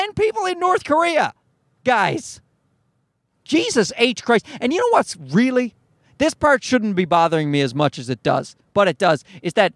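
Guy ranting alone on his podcast, really high voice, swears a lot, dry close sound. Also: fairly bright tone, no echo. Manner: exasperated, profane, rambling. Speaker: podcast host. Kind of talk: solo podcast rant. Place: recorded at home at night.

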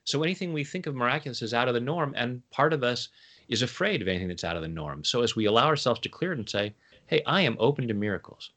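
A man chatting as an interview guest, playful and quick to laugh at his own jokes. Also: mid-range voice, animated, bright, forceful tone. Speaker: guest, tapping coach. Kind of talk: casual interview chat.

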